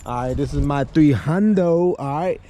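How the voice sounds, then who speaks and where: Man, casual car vlog, slangy, rambling, fairly high voice, outdoor camera audio, engine and street noise. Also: moderate pace, mellow. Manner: laid-back, slangy, rambling with fillers and laughs. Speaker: car vlogger. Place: outdoors by his car, then inside it. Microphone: handheld camera.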